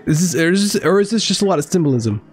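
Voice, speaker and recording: Young man gaming streamer, excitable and swearing, very lively pitch, music playing faintly under him. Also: fast. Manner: excitable, swearing, joking to viewers. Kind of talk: live gameplay commentary.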